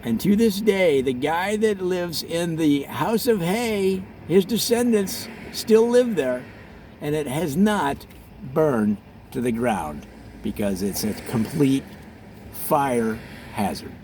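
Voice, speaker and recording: Lively high-voiced man spinning tall tales. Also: slow pace, slight background noise. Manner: animated tall-tale storytelling. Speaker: comedic tour host. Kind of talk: deadpan parody travelogue.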